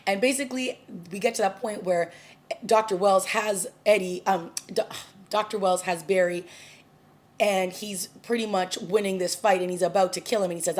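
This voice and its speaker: A woman's voice: lowish voice, moderate pace. A woman recapping and reviewing a TV episode in a casual, chatty way, full of fillers and restarts. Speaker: TV review vlogger.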